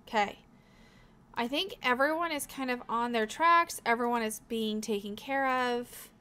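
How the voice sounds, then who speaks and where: A woman's voice: fairly high pitch, measured pace, sharp tone, clean tone. A young woman hosting a let's play, giving casual gameplay commentary in a chatty, encouraging way as she thinks aloud.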